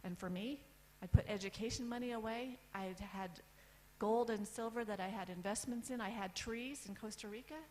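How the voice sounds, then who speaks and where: A woman's voice: mid-range voice, darkish tone, slight background noise, poor audio. Candid woman telling her own story. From United States. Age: 50s. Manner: candid, lists items with pauses for effect. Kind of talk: personal story talk on stage. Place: event stage.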